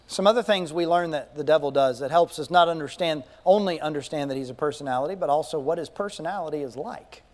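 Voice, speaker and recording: High-voiced preacher in an echoing hall. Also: male voice. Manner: emphatic, repeats key phrases, asks rhetorical questions. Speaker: pastor. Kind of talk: sermon. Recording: long echoing reverb.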